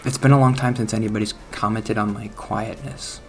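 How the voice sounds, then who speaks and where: A man's voice: lowish voice, fairly even intonation, brisk, a little mellow, faint music behind. A man talking casually over gameplay, rambling and self-deprecating, often trailing off, restarting and chuckling at himself. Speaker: gaming channel host.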